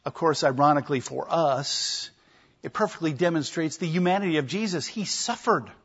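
A man's voice: a little high, moderate pace, fairly bright tone, slightly rough, lo-fi sound. A man preaching a sermon, emphatic, with repeated phrases and rhetorical questions.

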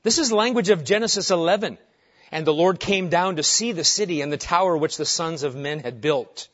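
Dramatic preacher man, lo-fi recording. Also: brisk. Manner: dramatic shifts between booming emphasis and hushed calm. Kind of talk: expository sermon. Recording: dull lo-fi sermon recording.

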